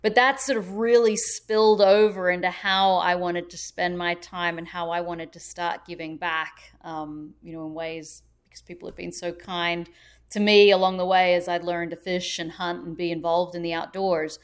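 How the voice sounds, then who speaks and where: A woman's voice: lowish voice, flat delivery, normal speed, smooth. A middle-aged woman from Australia with an Australian accent, chatting cheerfully as a guest in an interview. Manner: cheerful, chatty, laughs easily. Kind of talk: casual interview. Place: busy event venue.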